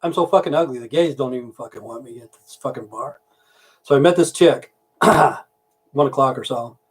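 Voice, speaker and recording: A man's voice: mid-range voice, moderate pace, husky. A man who drives trucks and hosts a livestream, telling a long crude joke in a rambling, swear-heavy way. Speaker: livestream host. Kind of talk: casual livestream storytelling.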